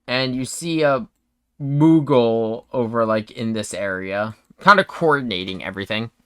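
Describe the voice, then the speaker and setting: GM narrator, hesitant man, mid pitch, dry close mic. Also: smooth, dry recording. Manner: halting, full of fillers and restarts. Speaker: game master. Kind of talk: narrating a tabletop game.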